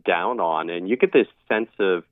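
Man, low-pitched guest expert, thoughtful and a little halting, heard over a phone line. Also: no room sound. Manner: explanatory, with frequent um and uh. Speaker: guest expert on language history. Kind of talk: radio interview. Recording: dry tinny phone line.

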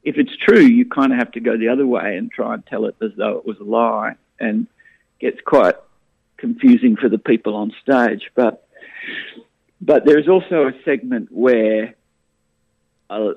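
A man tells stories in a lively rush, stumbling over restarts as he talks. His voice has a gravelly edge and comes through a tinny phone line. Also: medium pitch, measured pace, no room sound. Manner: animated storyteller, frequent restarts. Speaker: comedian guest. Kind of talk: casual radio interview.

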